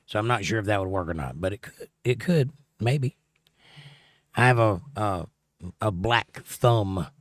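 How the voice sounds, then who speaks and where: A man with a fairly low, slightly bright voice reads his viewers' comments aloud and pokes fun at them during a casual livestream at home. The studio-quality recording has no echo.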